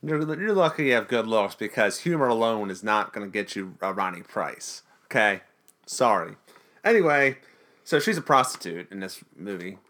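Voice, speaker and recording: A man's voice: lowish voice, very animated, normal speed, bright, forceful tone. A man co-hosting a podcast, casually recapping a TV episode in a jokey, rambling way. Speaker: podcast co-host.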